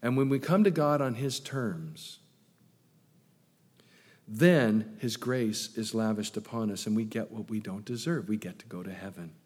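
A man preaching a sermon, asking rhetorical questions and swinging between loud emphatic lines and hushed ones. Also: on the low side, measured pace, husky, big-room sound. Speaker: pastor.

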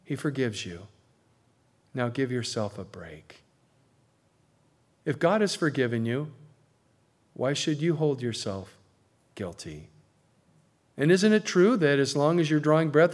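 A man preaching a sermon to a congregation, swinging between loud emphasis and quiet asides. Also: fairly high pitch. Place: church before a congregation.

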